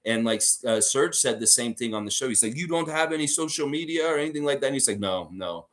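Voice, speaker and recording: A man hosting a casual sports fan show, telling stories in an excitable, rambling way. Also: mid-range voice, fast. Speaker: sports podcast host.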